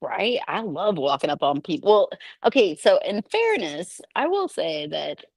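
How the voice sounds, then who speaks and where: A middle-aged woman chatting in an animated way, laughing often and acting out quotes in a somewhat low voice. The recording is dry and close, with no room sound. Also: a little slow, creaky, no room sound. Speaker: podcast guest. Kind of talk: casual storytelling chat.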